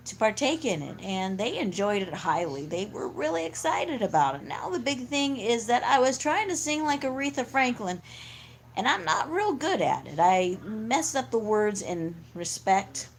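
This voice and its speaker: A woman's voice: mid-range voice, sing-song, moderate pace. A middle-aged woman talking in a casual, rambling monologue, full of fillers and restarts. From California. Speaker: vlogger.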